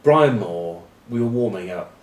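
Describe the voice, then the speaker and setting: A low-voiced man hosts a casual rugby vlog, rambling on with wry, cheeky asides. He sits back from the mic, and his voice carries in a roomy, echoey space. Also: expressive, a little slow. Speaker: rugby pundit and vlog host. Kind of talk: casual rugby chat to camera. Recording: roomy echo, distant mic.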